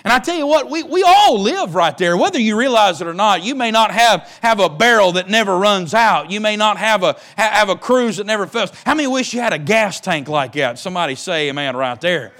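A man's voice: sits high, lively intonation, fairly quick, few pauses, fairly bright tone. A man preaching a sermon, emphatic and repetitive, asking the congregation questions. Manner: emphatic, repeats words and asks the congregation questions. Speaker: pastor.

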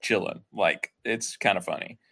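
Male podcast host, lowish voice, laid-back and chatty. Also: moderate pace, vocal fry, husky. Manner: relaxed, chatty, many fillers. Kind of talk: casual film discussion.

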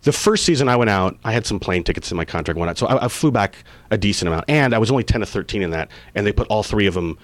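A man in his forties, an actor being interviewed, telling stories casually and acting out quoted lines with big jumps in pitch. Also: lively intonation, racing, no echo. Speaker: actor guest.

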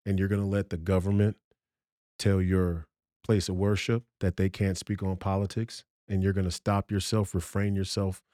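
A man's voice: low voice, little pitch movement, moderate pace, warm tone, no room sound, studio quality. A man talking as a podcast guest in a heated, profane rant, emphatic and combative, often restarting his sentences.

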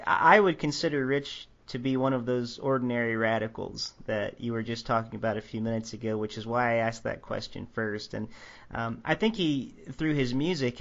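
Man, mid-pitched voice, podcast host, easygoing, rambling questions, muffled lo-fi audio. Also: vocal fry, a bit bright. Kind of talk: interview questions. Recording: dull lo-fi audio.

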